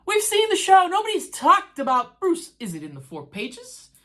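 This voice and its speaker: Animated woman ranting about a TV show. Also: extremely high pitch, moderate pace. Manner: animated, talks straight to the characters; chatty, rambling, laughs easily. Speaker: TV show reviewer. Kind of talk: casual commentary vlog.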